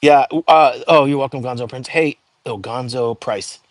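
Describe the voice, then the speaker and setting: A man talks casually to his livestream viewers in a middle-pitched voice, loose and full of fillers. The sound is dry and close, with no room echo. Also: normal speed. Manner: chatty, frequent fillers, reads out viewer comments. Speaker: livestream host.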